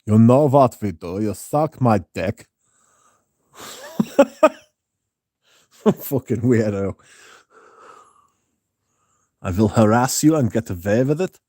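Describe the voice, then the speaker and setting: A man's voice: lowish voice, animated, slow pace, pauses often, dark tone. Man putting on a leering, pompous German-accented braggart.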